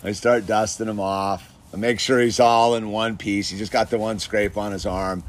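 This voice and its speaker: A man's voice: lowish voice, level tone, normal speed. Laid-back man telling a laughing story. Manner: chatty, laughing, says "dude" and "like" often. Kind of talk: casual anecdote.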